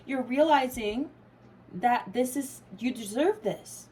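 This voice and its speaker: A woman's voice: sits high, takes it slowly, warm tone, a little hiss or hum, poor audio. A woman doing a casual tarot reading to camera, emphatic and swearing freely. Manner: emphatic, swears freely, laughs and gets emotional. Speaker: tarot reader.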